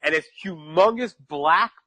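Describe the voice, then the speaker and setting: Animated man telling a rambling story. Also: fairly high pitch, a little slow, dry recording. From New York. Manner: animated, repeats phrases for emphasis, laughs at his own story. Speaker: podcast guest. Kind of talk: casual storytelling.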